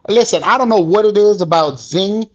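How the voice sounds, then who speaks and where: A man's voice: sits high, moderate pace. Blunt, profane man with a muffled sound. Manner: blunt and profane, animated storytelling. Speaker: interview guest, peer mentor. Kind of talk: candid podcast conversation.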